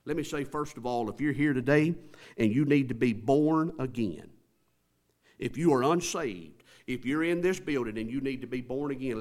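A male pastor preaching a sermon in a church, dropping to near murmurs and then rising to drawn-out shouts. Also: mid-range voice. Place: church building.

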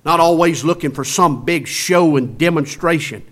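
In his sermon, a pastor swings from emphatic, loud sections to hushed, drawn-out phrases pitched low. He continually asks his congregation rhetorical questions.

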